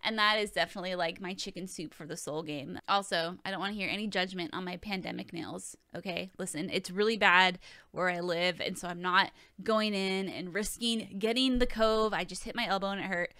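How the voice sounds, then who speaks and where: A woman's voice: on the low side, a little fast, bright, forceful tone, no echo. A woman in her thirties hosting a casual question-and-answer vlog, talking in a profane, joking, chatty way. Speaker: video host answering viewer questions.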